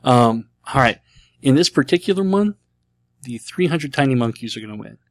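A young man hosting his podcast in a casual, jokey, self-mocking way, full of quick asides. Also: mid-range voice, expressive, no room sound. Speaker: podcast host.

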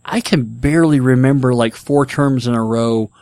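A man's voice: medium pitch, moderate pace, a little mellow. A middle-aged man hosting a casual chat, talking enthusiastically and rambling with fillers. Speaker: podcast host. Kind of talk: casual chat about board games.

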